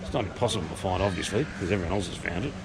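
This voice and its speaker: A man's voice: low voice, racing, gravelly, noisy background. An Australian man hosting a casual walk-and-talk vlog about pubs, chatty and rambling with casual swearing, recorded on a handheld camera outdoors and inside a country pub. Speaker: vlog host touring pubs.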